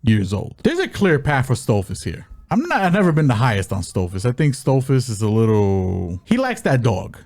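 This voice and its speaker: A man co-hosting a fight podcast, his pitch swooping up and down as he talks picks. He swears freely and laughs a lot. The sound is dry and close, with no room in it. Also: moderate pace, hardly any pauses, no echo. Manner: animated, swearing, laughs often. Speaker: podcast co-host. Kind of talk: casual sports betting chat.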